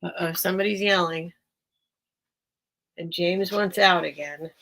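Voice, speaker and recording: This woman speaks a little slowly in a lowish, fairly bright voice with fairly even intonation. Hosting a relaxed live-stream sale in a small home room with a towel under the door, she's chatty, easily distracted, and laughs often.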